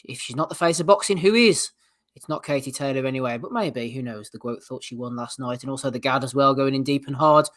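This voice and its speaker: A man hosting a boxing podcast, briskly moving the segment along. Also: mid-range voice, a bit bright. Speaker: podcast host. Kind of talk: casual chat.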